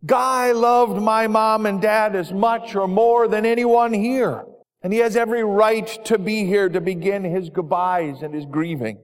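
A man voicing a kindly, forgiving grown farmer who talks in an earnest, gently pleading way, heard with a long hall reverb. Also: high voice, steady tone, a little slow, voice pushed up.

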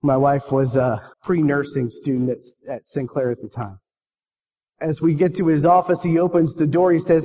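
A man's voice: fairly high pitch, fairly even intonation, moderate pace, a little mellow. A man preaching a sermon, telling a personal story and asking the congregation earnest questions. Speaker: pastor. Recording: long reverb of a hall.

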